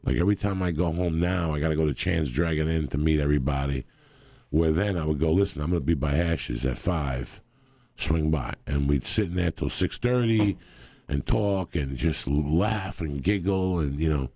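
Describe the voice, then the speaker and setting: A man in his sixties telling rambling, animated stories as a guest, laughing often. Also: a bass voice, normal speed, no echo. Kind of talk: casual storytelling.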